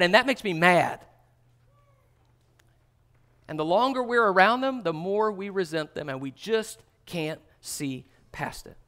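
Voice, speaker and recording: This is a pastor delivering a sermon, his fairly high voice earnest as he addresses the listeners. To emphasize a point, he sinks to a quiet, gentle tone.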